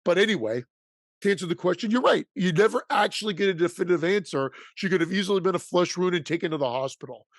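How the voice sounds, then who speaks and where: A man's voice: high voice, lively intonation, quick pace, no echo, clean studio sound. A man co-hosting a horror movie podcast in casual chat, rambling with restarts and laughing easily. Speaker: podcast co-host.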